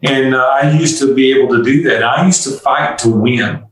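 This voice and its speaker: A man's voice: medium pitch, moderate pace, far from the mic. An older man speaks earnestly and candidly, sharing personal stories and acting out bits of dialogue. His voice sits off-mic in a very echoey room. He sounds like a guest on an interview podcast. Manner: earnest, confessional, acts out dialogue. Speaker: guest entrepreneur.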